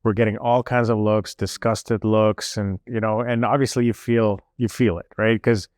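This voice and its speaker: A young man telling a travel story in casual chat, animated and full of fillers. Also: on the low side, moderate pace, dry recording, clean studio sound. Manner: animated, lots of fillers, mimics officials.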